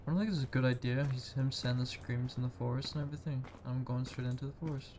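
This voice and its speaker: A man casually commenting while playing a horror game, excitable and swearing freely. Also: medium pitch, fast talker, noisy background. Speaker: gaming channel host.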